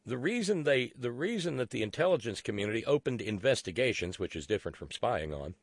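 A man's voice: mid-range voice, sing-song, fast talker, dry recording, studio quality. A man hosting a political talk radio show, sarcastic and profane, who stumbles into restarts.

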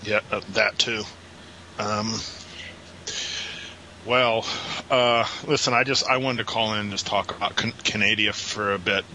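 A man's voice: lowish voice, fairly even intonation, measured pace, long pauses, sharp tone, a little hiss or hum, rough recording. A man calling into a chat show, exasperated and wry, ranting in a casual way. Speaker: caller.

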